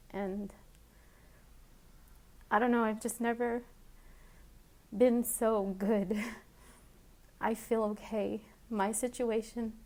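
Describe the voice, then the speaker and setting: A woman recording a heartfelt personal video message, speaking in an emotional, halting way with many restarts, and she has children. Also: mid-range voice, darkish tone. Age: adult with children. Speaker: vlogger.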